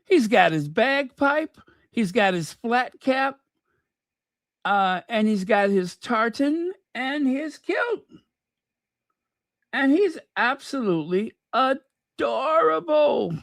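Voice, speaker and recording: A woman's voice: fairly high pitch, big pitch swings, slow pace, no echo, clean studio sound. A woman hosting a casual commentary channel, chatting and teasing while fumbling to find clips.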